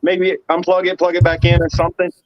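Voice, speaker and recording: A man's voice: high-pitched, completely flat delivery, fast talker, no room sound, dull audio. A man hosting a casual online panel chat, rambling with lots of fillers and restarts. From United States. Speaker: podcast host.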